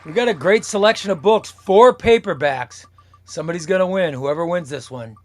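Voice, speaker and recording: A man's voice: high-pitched, normal speed. A man hosting a live comics stream, playfully calling out giveaway names one by one. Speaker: comic channel host.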